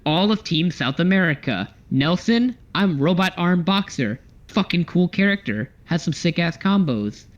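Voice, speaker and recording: A man co-hosting a casual podcast, talking excitedly and swearing a lot as he chats about fighting games. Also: high-pitched, normal speed, few pauses, lo-fi sound. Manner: excited, swears often, acts out character lines. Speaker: podcast co-host. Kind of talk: casual chat.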